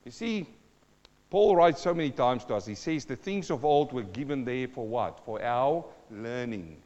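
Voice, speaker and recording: A man's voice: medium pitch, animated, normal speed, a little mellow, big-room sound, dull audio. A middle-aged man preaching a sermon to a congregation, dramatic, asking questions and acting out sounds and voices. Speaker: pastor.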